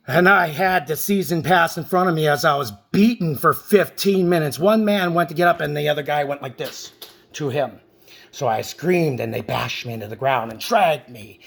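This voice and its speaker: Gravelly man telling a rambling story. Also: on the high side, moderate pace. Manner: rambling, intense storytelling with sudden loud outbursts. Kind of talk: emotional personal story told to camera.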